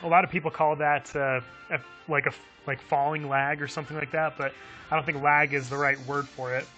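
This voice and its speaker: Bright-voiced man chatting on a game stream. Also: on the high side, flat delivery, brisk, lo-fi sound, faint music behind. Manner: chuckles often, chatty and friendly with viewers. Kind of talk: live gameplay stream, reading chat aloud.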